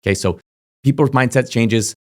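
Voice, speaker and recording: Offering crypto tips straight to camera, a young YouTuber speaks fast and emphatically, peppering his talk with fillers and asking "okay?". He has a medium-pitched, slightly mellow voice and a casual manner.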